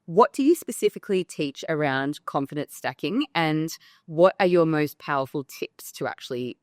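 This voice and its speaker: A woman podcast host with a notably low voice asks measured questions. The recording is dry and close, with no room echo. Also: expressive. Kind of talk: interview questions.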